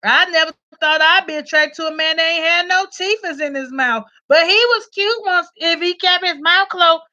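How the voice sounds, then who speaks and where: Loud, animated woman vlogger. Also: very high-pitched, moderate pace. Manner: loud, animated, profane, laughs often. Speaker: vlogger reviewing a documentary. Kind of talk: casual storytelling commentary. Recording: slightly dull lo-fi audio.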